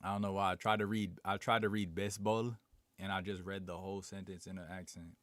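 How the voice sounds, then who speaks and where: Laid-back slangy man, lowish voice. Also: flat delivery, a little fast, fairly bright tone, dry recording. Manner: slangy, laid-back, reads chat aloud and answers it. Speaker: live streamer. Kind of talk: casual live stream chat.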